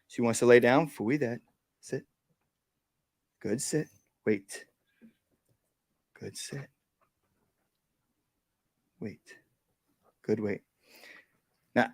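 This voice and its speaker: With a mid-range voice, this dog trainer walks a live workshop through his demonstration step by step, plainly and with regular "right?" check-ins. Short, calm commands to a dog interrupt his explanation. It's studio-quality audio with no echo.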